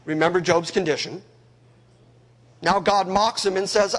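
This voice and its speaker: A male preacher delivering a sermon, emphatic and speaking directly to his listeners. His high voice moves slowly with wide, lively swings. A long hall reverb follows each phrase. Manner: emphatic, conversational, addresses the congregation directly.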